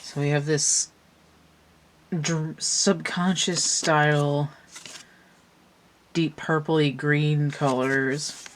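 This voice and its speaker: A woman talks through a tarot card reading in a loose, chatty way. She thinks out loud and drifts into side remarks as she goes. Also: low voice, slow, slight background noise. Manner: rambling, thinks aloud with asides. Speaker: tarot reader. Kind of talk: casual tarot reading commentary.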